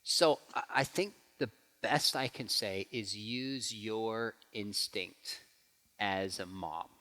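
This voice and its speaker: A man's voice: lowish voice, takes it slowly. A man in his forties giving a church talk with questions, telling stories and acting out quotes with energy. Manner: animated storyteller who acts out quotes. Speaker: guest speaker. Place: church hall. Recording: hall reverb.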